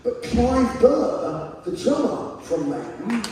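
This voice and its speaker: A man with a high voice tells wry, self-mocking stories from a theater stage. He is picked up from the front row, far from the camera. The sound is very echoey with a long hall reverb, and audience noise is clearly heard behind him. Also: sing-song, slow pace. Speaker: spoken word performer. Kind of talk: comic stage storytelling.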